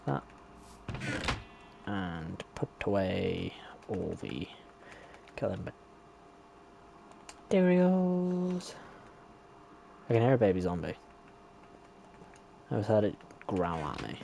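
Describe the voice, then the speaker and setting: A man's voice: low-pitched, takes it slowly, creaky, pauses often, a little mellow, a little hiss or hum. A man giving chatty running commentary to himself as he plays a game. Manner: chatty running self-talk. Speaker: gameplay streamer. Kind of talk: casual gameplay commentary.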